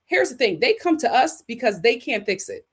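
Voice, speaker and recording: A woman's voice: fairly high pitch, very animated, moderate pace, breathy edge. Sassy woman hosting a chat stream. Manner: sassy, emphatic, repeats punchlines. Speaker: host. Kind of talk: livestream commentary and chat.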